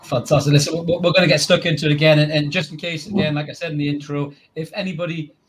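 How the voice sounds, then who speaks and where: Boisterous fast-talking male podcast host. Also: a little high, fairly even intonation, slight background noise. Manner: boisterous, jokey, calls everyone mate. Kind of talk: excited football podcast chat.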